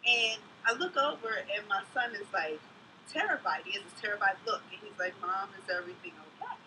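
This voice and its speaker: A woman's voice: mid-range voice, lively intonation, a little fast, recorded from a distance, noisy background. A mother vlogging in casual chat, gossiping bluntly and telling stories in an outspoken way.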